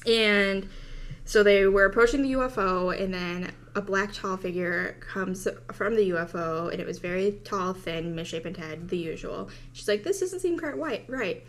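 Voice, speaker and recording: A woman's voice: medium pitch, normal speed, a little hiss or hum. A woman podcast host casually retelling an alien encounter story, quoting voices and breaking into laughs.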